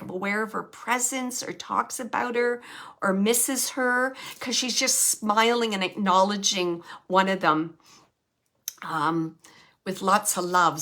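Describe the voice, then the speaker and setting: A woman medium giving a gentle live reading, passing on messages from a spirit in the first person. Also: mid-range voice.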